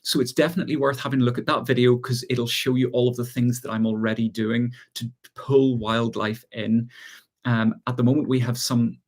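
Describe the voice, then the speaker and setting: A man with an Irish accent hosting a relaxed live chat, reading out viewer questions and answering them with easy laughs. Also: mid-range voice, a little fast, few pauses. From Ireland. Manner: relaxed, chatty, reads out viewer comments and laughs often. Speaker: gardening channel host.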